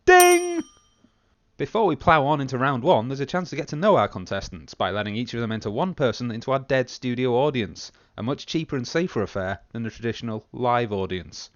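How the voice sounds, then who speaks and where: Host brief: man, dry deadpan comedy links, close dull lo-fi mic. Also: medium pitch, quick pace, hardly any pauses, dry recording. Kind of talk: comedy podcast hosting, scripted links.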